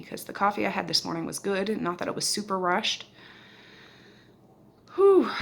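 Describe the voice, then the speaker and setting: Chatty mom with a gravelly low voice. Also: female voice, fairly bright tone, a little hiss or hum. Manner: chatty, homely, talking straight to viewers. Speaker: vlogger and mother. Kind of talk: casual day-in-the-life vlog narration. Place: home and car, in Nova Scotia. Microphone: handheld phone camera.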